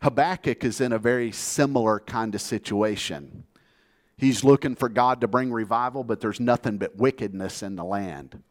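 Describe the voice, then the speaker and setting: A man's voice: mid-range voice, moderate pace. A man from the United States preaching a sermon, telling a story in a plainspoken, earnest way and calling the congregation to say amen. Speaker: pastor.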